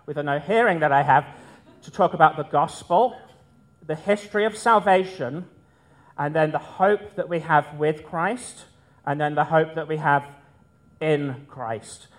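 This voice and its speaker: A man's voice: a little high, unhurried. A man preaching a sermon, explaining scripture in a conversational teaching manner with casual asides.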